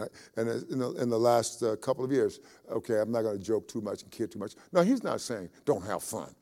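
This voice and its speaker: A man's voice: medium pitch, a little mellow. A man preaching a sermon as a pastor, folksy and repeating phrases for emphasis.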